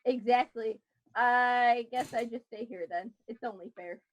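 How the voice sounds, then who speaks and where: Player, female, fairly high voice, bargaining and reasoning aloud. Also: a little slow, highs cut off, slight background noise. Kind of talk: casual tabletop play.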